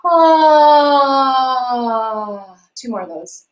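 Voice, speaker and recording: A woman vocal coach leading a live-streamed warm-up lesson, encouraging and gently guiding listeners through sung exercises. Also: a little high, normal speed, poor audio. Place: home room with a piano.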